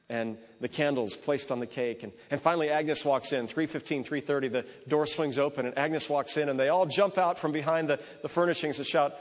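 A man's voice: a little high, brisk, hardly any pauses. A man preaching a sermon, telling a story in a conversational way that strings lines together with repeated ands. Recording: echoey hall.

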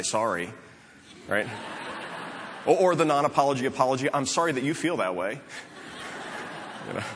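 A man's voice: mid-range voice, a bit bright. A man preaching a sermon in a conversational, storytelling way, acting out quoted dialogue. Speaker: pastor. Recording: long hall reverb.

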